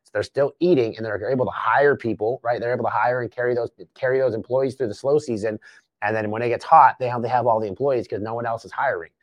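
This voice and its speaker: A man's voice: mid-range voice, quick pace, no room sound. A man hosting a business podcast, coaching emphatically and swearing at times. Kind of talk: casual business podcast chat.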